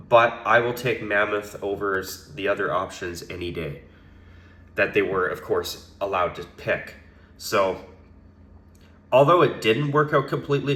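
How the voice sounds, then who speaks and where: A man with a cold talks through his opinions alone, his voice raspy and hoarse yet bright and forceful on top of a low pitch. He rambles, hedges and restarts his thoughts, and the sound bounces around an echoey room. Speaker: hockey commentator. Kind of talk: solo opinion commentary.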